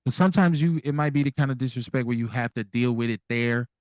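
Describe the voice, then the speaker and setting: A man hosting a call-in radio show, talking candidly and bluntly, full of profanity and lively emphasis. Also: mid-range voice, quick pace, no echo. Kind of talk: casual call-in radio talk.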